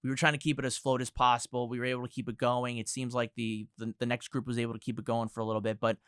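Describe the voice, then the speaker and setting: A man's voice: mid-range voice, little pitch movement, rapid-fire, fairly bright tone, clear, resonant tone, no room sound, clean studio sound. A young man as a podcast guest, talking in a rambling, hedging way full of filler words. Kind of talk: casual podcast chat.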